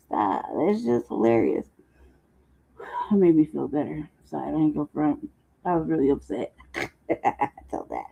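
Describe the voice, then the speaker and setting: Gravelly laughing woman host. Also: sits low, sing-song, unhurried, long pauses. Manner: laughs often, loose slang-heavy talk. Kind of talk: casual commentary chat. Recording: dull lo-fi sound.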